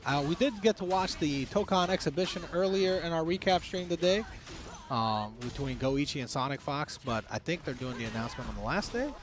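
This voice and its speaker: A man's voice: fairly high pitch, expressive, brisk. A man co-hosting a fighting game watch party in an easygoing, chatty way. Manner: easygoing, chatty, reads chat aloud. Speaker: co-host commentator. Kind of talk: casual fighting game co-commentary. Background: music.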